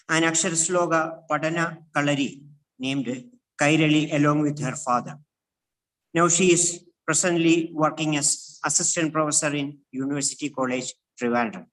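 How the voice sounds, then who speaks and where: A man's voice: on the high side, fairly bright tone, far from the mic, poor audio. Man announcing the next conference speaker. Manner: formal announcing. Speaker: session moderator. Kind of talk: formal introduction.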